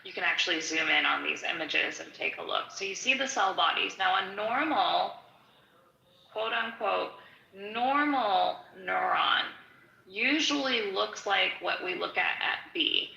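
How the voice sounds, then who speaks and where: A woman's voice: on the low side, expressive, normal speed, creaky, few pauses, bright, forceful tone, echoey room, muffled recording. A middle-aged woman walking through a neuroscience textbook in a chatty, digressive way, full of "like" and "um". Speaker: study-along teacher. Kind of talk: casual textbook walkthrough.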